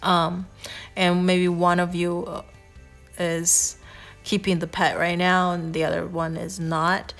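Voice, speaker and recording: A woman giving a casual tarot reading, chatty and warm in her advice, with frequent fillers, restarts and "right?" tag questions. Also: on the low side, flat delivery, takes it slowly, soft background music. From Asia. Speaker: tarot reader.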